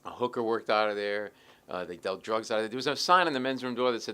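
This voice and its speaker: Bright, lively comedian telling stories. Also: male voice, mid-range voice, clean tone. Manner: acts out the other people in his stories, quick and lively. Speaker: stand-up comedian, interview guest. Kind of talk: animated storytelling in a TV interview.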